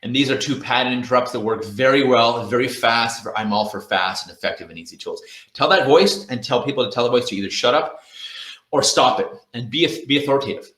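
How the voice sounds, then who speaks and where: A man's voice: mid-range voice, a little fast, fairly bright tone, roomy sound. A man giving a sales training talk at a virtual conference, coaching the audience directly and acting out inner thoughts in quoted voices.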